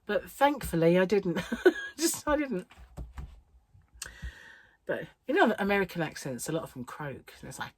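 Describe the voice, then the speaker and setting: A woman's voice: fairly low pitch, big pitch swings, measured pace, long pauses, slightly rough. A middle-aged woman vlogging about crochet, chatting in a rambling way and laughing often. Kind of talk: casual chat. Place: home on an English island.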